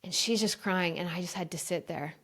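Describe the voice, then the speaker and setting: Woman, podcast guest, heartfelt storyteller; animated when quoting others. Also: lowish voice, fairly quick. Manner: earnest, emotional, often addresses listeners as "you guys"; lively storyteller who acts out quoted dialogue. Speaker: podcast guest, brain coach. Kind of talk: personal storytelling in conversation.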